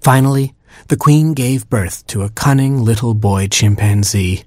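A man reading a funny storybook aloud as narrator, wry and deadpan. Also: mid-range voice, a little slow, no echo, studio quality.

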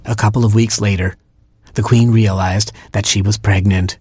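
A man reading a funny storybook aloud as narrator, wry and deadpan. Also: fairly low pitch, normal speed, slightly rough.

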